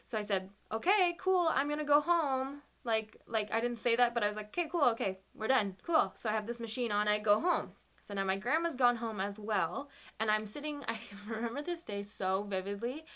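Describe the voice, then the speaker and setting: Bright-voiced young woman, emotional. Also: a little high. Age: young adult. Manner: emotional, halting, many fillers and nervous laughs. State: close to tears. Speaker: vlogger. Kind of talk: personal storytime.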